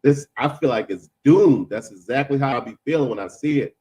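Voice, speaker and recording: A man talking casually in a discussion, emphatic and repeating himself, with quick asides. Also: mid-range voice, dark tone, slightly rough, no room sound.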